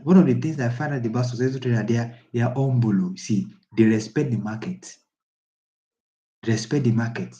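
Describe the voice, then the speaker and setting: A man's voice: medium pitch, darkish tone. Man, trading coach, emphatic, repetitive, preachy, dull lo-fi sound. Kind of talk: casual live class talk.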